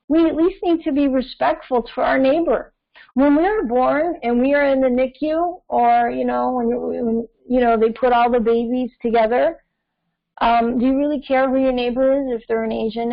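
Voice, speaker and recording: A young adult woman hosting an astrology channel, talking in a rambling, preachy way with many fillers. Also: a little high. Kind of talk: casual opinion monologue. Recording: dull lo-fi audio.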